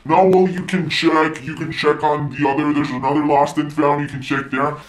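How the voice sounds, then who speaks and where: A young man voicing a lazy, unhelpful male airport lost-and-found clerk who talks in a flat, dismissive way. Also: on the high side, moderate pace, reverberant, lightly acted, poor audio. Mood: grudging.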